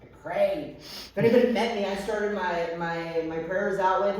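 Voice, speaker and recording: A woman's voice: medium pitch, moderate pace, a little mellow. Woman, candid profane recovery testimony, distant mic, echoey meeting room, faint ambience. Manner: candid and profane, frequent fillers. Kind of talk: personal testimony to a group.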